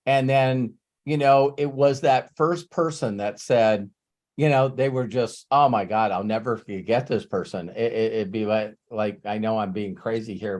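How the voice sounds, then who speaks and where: A man's voice: medium pitch, a little mellow. Male host, casual coach, repeats words, gets emotional, curses freely. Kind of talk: casual live Q&A storytelling.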